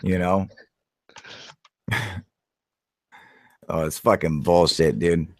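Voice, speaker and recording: A man hosting a casual live chat, excitable and profane, calling everyone dude as he tells a story. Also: sits low, drawn-out words, no room sound, clean studio sound. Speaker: channel host on a livestream.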